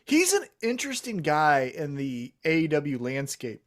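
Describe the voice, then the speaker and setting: A man co-hosting a wrestling podcast in casual chat, animated, with quick asides and some swearing. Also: a little high. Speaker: co-host.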